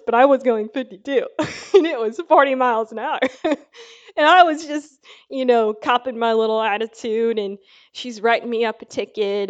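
A woman's voice: a little high, smooth, lo-fi sound. Chatty woman giving a casual sermon. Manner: chatty storytelling with many fillers. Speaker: Bible teacher.

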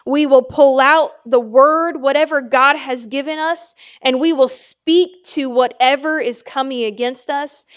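A woman preaches a sermon in a high voice, taking her time over every phrase and pausing to ask her listeners for an amen. The sound is a little dull and lo-fi. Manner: slow, emphatic preaching with call-and-response "Amen?".

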